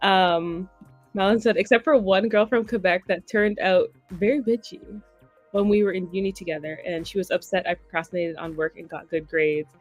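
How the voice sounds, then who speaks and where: A woman's voice: fairly low pitch, fairly even intonation, normal speed, soft background music. A young Canadian woman hosting a livestream, chatting casually and laughing often between remarks. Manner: chatty, laughs often, talks to her pets. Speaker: livestream host. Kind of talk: casual chat reading chat messages.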